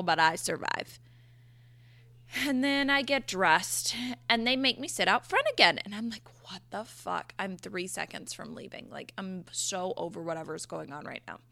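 A young woman telling a storytime rant to camera, exasperated and animated, with frequent swearing. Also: mid-range voice, no echo.

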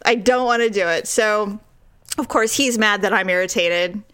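A woman in casual chat, telling a story with animated mimicry and frequent laughter. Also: mid-range voice, normal speed, smooth.

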